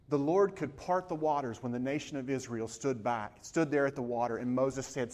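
A man's voice: medium pitch, animated, normal speed, hardly any pauses, a little mellow. A man preaching a sermon, earnest and building to impassioned emphasis, citing scripture verses by reference. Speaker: pastor.

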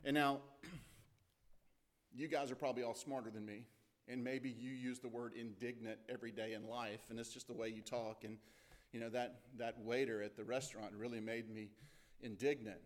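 A man's voice: mid-range voice, fairly even intonation, normal speed. A man preaching a sermon, retelling scenes in a conversational way and briefly acting out the people he quotes. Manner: conversational preaching with acted-out quotes and repeated phrases. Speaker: pastor. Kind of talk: expository sermon.

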